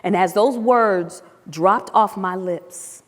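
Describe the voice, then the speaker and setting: A woman and former teacher telling a personal story in a talk, animated and acting out the dialogue. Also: medium pitch, takes it slowly. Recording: long reverb of a hall.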